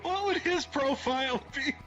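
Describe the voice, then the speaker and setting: A man's voice: extremely high pitch, bright, forceful tone. A man in his forties, a podcast co-host, trading jokey, profane banter and laughing often.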